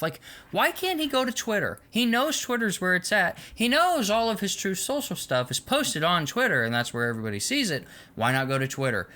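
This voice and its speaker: A man's voice: high voice, sharp tone. A man delivering a long, heated political rant to camera, sarcastic and mocking toward imagined critics. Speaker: political commentator.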